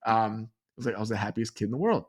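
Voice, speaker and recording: A man's voice: lowish voice, fast. A man from New York telling a long personal story as a podcast guest, acting out the people in it. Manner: animated storyteller, acts out the people in his story. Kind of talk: storytelling in a conversation.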